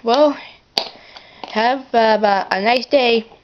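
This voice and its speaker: A woman voicing a cheerful young male tank engine in a home toy-train story, with excited, squeaky exclamations. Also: drawn-out words, muffled recording, a little hiss or hum. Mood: eager.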